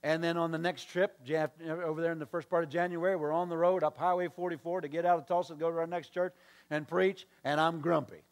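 Storytelling male pastor, slightly high voice. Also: steady tone, fairly quick. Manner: storytelling with acted-out dialogue and call-and-response asides. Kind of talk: sermon.

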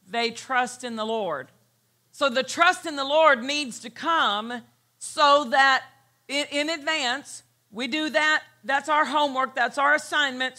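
A woman pastor preaching a sermon, emphatic and repeating her key phrases as she reads scripture slowly. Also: high voice, pushed and bright. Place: church.

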